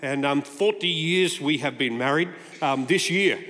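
A man's voice: a little high, unhurried, bright, forceful tone, a little hiss or hum. A man in his sixties preaching a sermon as a guest speaker, talking to the congregation in a conversational, playful storytelling way. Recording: long hall reverb.

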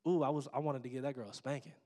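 This pastor, a middle-aged man, has a mid-range, steady, warm voice and delivers his sermon rapid-fire. His tone is conversational, with jokes aimed at the congregation, and the church sanctuary adds a long hall reverb.

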